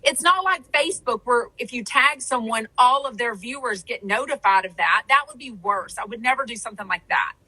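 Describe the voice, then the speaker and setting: High-pitched woman, bright tone, chatty podcast host, rambling casual talk. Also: brisk, few pauses, slightly rough, poor audio. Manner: chatty, rambling, many fillers. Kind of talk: casual chat.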